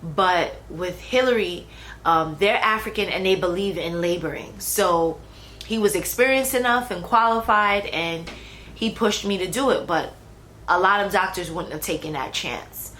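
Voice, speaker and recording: A woman's voice: fairly low pitch, unhurried, a bit bright, low-quality recording. A young adult woman talking casually about her own pregnancy, chatty, with fillers and restarts. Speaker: vlogger. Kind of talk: casual personal storytelling. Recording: faint background noise.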